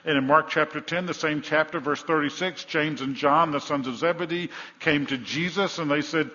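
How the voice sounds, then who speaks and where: Preacher guy giving a sermon, bright forceful voice, big echoey church sound, kinda muffled. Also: fairly high pitch, steady tone, brisk, hardly any pauses. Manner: storytelling, acts out voices of the crowd. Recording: dull sound with long reverb in a hall.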